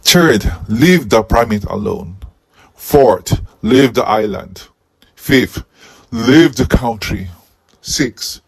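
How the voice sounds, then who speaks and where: A man giving a comic movie review in a husky head costume, with deadpan jokes and sudden outbursts. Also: medium pitch. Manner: speaking while wearing a husky head costume.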